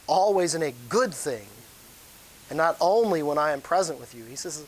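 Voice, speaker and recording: A man preaching a sermon in a church, talking loosely and warmly to the congregation, with sudden loud rises in his voice. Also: fairly high pitch, animated, moderate pace, slight background noise, rough recording. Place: church sanctuary.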